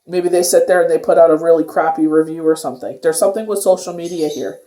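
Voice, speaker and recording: A tarot reader talks through a casual daily card reading in a warm, mellow voice that keeps looping back with loose filler phrases. The sound carries a noticeable room echo around the voice. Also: mid-range voice, quick pace. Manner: rambling, filler-heavy talk with many "you know"s. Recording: echoey room.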